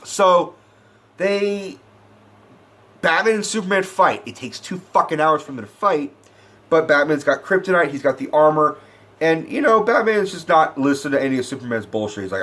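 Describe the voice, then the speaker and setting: A man's voice: fairly high pitch, animated, moderate pace, a bit bright. A man delivering a profane, sarcastic movie review rant, swearing constantly and sounding wound up.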